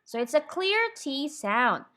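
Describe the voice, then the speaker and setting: Patiently coaching English pronunciation, a woman speaks slowly and clearly, drilling words deliberately and checking in with "okay?" Her high voice swings widely in pitch and carries a fairly bright tone.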